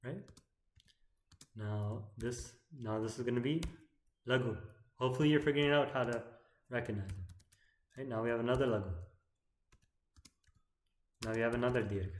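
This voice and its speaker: Lecturing man in an echoey room. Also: medium pitch. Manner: keeps asking "right?" as he explains; chants verse lines slowly. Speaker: teacher of poetic meter. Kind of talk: explanatory lecture.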